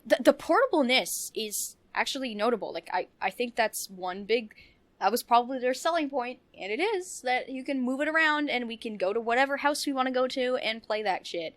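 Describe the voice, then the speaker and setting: A woman's voice: fairly high pitch, fairly bright tone, no echo. Giggly, gushing woman podcast host. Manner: rambling, giggly, gushing with frequent restarts. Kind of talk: casual podcast chat about video games.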